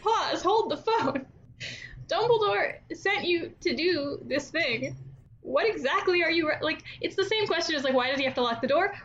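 A woman's voice: extremely high pitch, lively intonation, normal speed, fairly bright tone, lo-fi sound. A woman guest on a podcast, ranting animatedly and in exasperation with lots of fillers. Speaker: guest author. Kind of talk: casual podcast chat.

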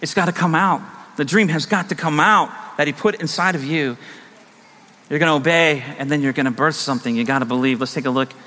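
A man's voice: fairly high pitch, fairly quick, sharp tone. A middle-aged male pastor preaching a sermon with emphatic, repetitive phrases that swell and drop. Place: church sanctuary. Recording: long reverb of a large hall.

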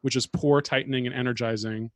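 A man's voice: mid-range voice, fairly even intonation, quick pace, no echo, clean studio sound. A man co-hosting a casual chat, talking in a wry, chatty way full of hedges and fillers. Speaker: podcast co-host.

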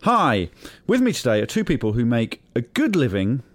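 A middle-aged man hosting a comic podcast, talking in a dry, deadpan, whimsical way. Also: mid-range voice, moderate pace, no room sound. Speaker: podcast host.

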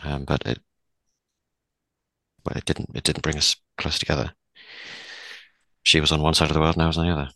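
A man's voice: very deep voice, little pitch movement, a little fast, pauses often, bright, forceful tone, dry recording, heavily acted, poor audio. A man playing a polite, prim woman investigator in a tabletop role-play game. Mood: wistful.

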